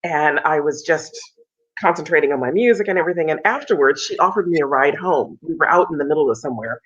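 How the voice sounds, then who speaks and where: A soprano interviewed over video call tells a story animatedly, acting out the characters' lines in a raised voice. Her speaking voice sits low with a breathy edge and a quick pace, and the recording sounds dull and lo-fi.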